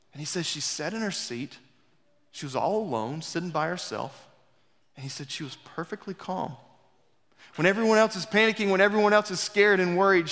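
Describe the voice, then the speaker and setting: A man preaching a sermon in a church, telling a story dramatically and swinging between loud rises and hushed, quiet passages. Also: fairly high pitch. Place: church sanctuary. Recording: long reverb of a church hall.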